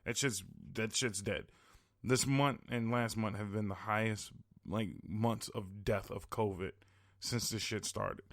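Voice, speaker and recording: A man's voice: on the low side, steady tone, measured pace, fairly bright tone, dry recording, clean studio sound. A tired man from the American Midwest hosting a podcast, ranting in a profane, exasperated way and laughing often. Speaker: podcast host. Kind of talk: casual solo rant.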